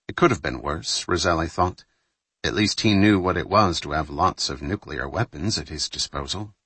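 A man reading a thriller novel aloud in measured, scripted audiobook narration. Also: a bass voice, a bit bright, slightly rough, no echo.

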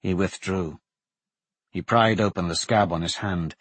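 A man narrating a fantasy audiobook in a measured, steady reading. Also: sits low, husky, no room sound.

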